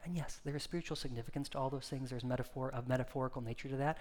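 A man's voice: mid-range voice, fairly even intonation, rapid-fire, a little mellow, in a large hall. A man preaching a sermon in a casual, conversational way, acting out the quoted lines with rising intensity. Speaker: pastor.

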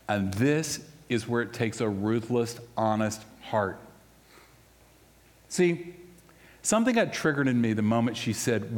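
Male pastor, mid-pitched, conversational storyteller, recorded in a reverberant church hall. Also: animated, unhurried. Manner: storytelling, conversational, swings between loud and hushed. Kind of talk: sermon.

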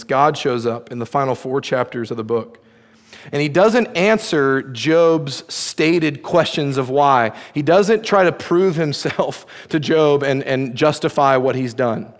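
A man preaching a sermon as pastor, animated and playfully sarcastic as he retells a story. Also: mid-range voice, in a large hall. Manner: animated, playful sarcasm when quoting God.

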